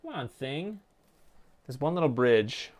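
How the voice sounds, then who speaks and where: A man's voice: mid-range voice, sing-song, unhurried. Man muttering while he solders. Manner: mutters to himself, thinks aloud while working; quiet and offhand, jokey asides. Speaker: streamer. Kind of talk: casual live-stream commentary while soldering.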